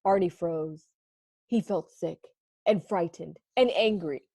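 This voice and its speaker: A woman teacher reading a picture book aloud to students with expressive storytelling, stopping to ask them questions. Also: fairly low pitch, slow pace, husky, no echo, studio quality.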